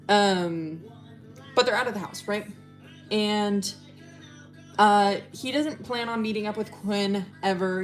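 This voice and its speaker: A young woman livestreaming, casually telling a rambling story with lots of fillers and swearing. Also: medium pitch. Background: faint music playing.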